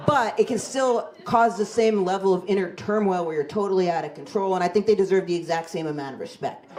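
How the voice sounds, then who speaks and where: A woman's voice: medium pitch, fast, darkish tone. A woman in her forties doing a stand-up comedy set on a club stage, telling stories in a wry, self-deprecating, conversational way into a handheld mic. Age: 40s.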